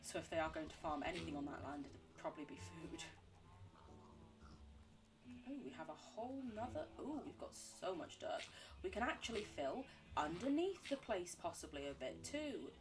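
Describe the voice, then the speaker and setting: Low-voiced chatty woman streamer. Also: sing-song, normal speed. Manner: rambling, chatty, laughs often, self-deprecating; responds to chat between game talk. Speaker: livestreamer. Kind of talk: casual gameplay chat with viewers.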